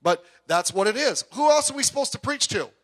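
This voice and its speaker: A man delivers a sermon from the pulpit of a church, speaking through the sanctuary speakers. He talks conversationally, breaking off into asides and personal anecdotes. His voice sits high and sounds bright and forward. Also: animated, a little fast. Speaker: pastor. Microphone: PA microphone heard through speakers.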